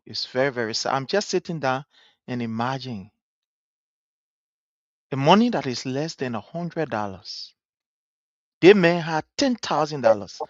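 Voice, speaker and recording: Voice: mid-range voice, no echo. A talk-show host with a Liberian English accent, commenting earnestly on a live stream and repeating words for emphasis. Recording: dry, dull live-stream audio.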